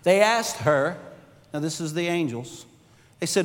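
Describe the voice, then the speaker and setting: High-voiced preaching man in a reverberant hall. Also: unhurried. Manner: expressive preaching with sudden swings from loud to hushed. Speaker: pastor. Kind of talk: sermon.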